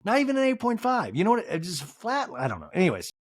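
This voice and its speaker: A man hosts a comedic TV recap, talking in a crude and rambling way. His pitch swings widely as he riffs, and the recording is dry and close, with no room sound. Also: wildly swooping pitch, quick pace, dry recording. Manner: crude, profane, rambling with many fillers. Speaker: podcast host.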